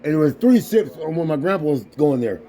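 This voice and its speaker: A man's voice: on the high side, expressive, a little fast, mellow. A man telling a family story in a casual, emotional way, repeating phrases and restarting his sentences. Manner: repetitive, restarts phrases, insistent.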